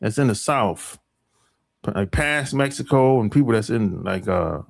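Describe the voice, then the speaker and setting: A man's voice: on the low side, lively intonation, a little slow, creaky. An American man hosting a podcast, talking in a rambling, emphatic opinion monologue full of profanity. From United States. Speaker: podcast host.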